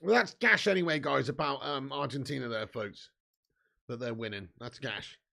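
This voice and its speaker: A young man hosting a live football watch-along, joking and swearing, breaking into shouts when chances come. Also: mid-range voice, moderate pace, vocal fry. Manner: banter-filled, swearing, jokey, bursts into shouts at chances.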